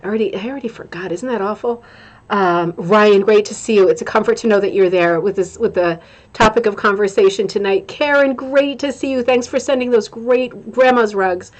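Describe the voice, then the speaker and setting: A woman's voice: medium pitch, fairly quick. A middle-aged woman hosting a casual livestream, greeting viewers by name and chatting in a scattered, friendly way. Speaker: livestream host.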